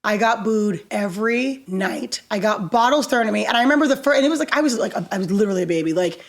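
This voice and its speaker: A woman guest on an interview show, telling stories in a lively, animated way, laughing often and acting out quoted voices. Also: medium pitch, quick pace. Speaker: musician guest. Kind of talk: casual interview storytelling.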